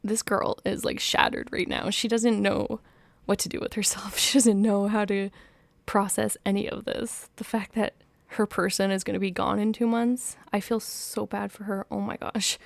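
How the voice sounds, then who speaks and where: A woman podcast host reading a novel aloud, softly whispering the narration and breaking off with gushing, laughing commentary. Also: medium pitch, flat delivery, moderate pace, vocal fry, no room sound. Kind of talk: book reading with excited commentary.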